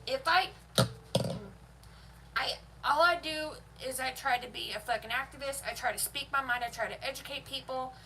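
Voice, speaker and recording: Young woman going off on a heated cussing rant, bright higher voice, mic kinda far, little hiss. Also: fast, vocal fry, few pauses. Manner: profane, heated, emphatic. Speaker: vlogger. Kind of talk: heated opinion rant to camera. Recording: voice a bit far from the mic, faint noise.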